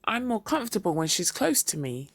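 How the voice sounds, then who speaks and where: A reader voicing a depressed middle-aged husband who speaks in a slow, dull monotone, in a storybook reading. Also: mid-range voice, no echo. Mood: flat.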